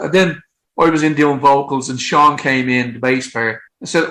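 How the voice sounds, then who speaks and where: Animated man telling stories. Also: fairly high pitch, normal speed, low-quality recording. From Ireland. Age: 50s. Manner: animated, acts out quotes, frequent swearing. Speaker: guest songwriter. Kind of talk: casual anecdotal storytelling.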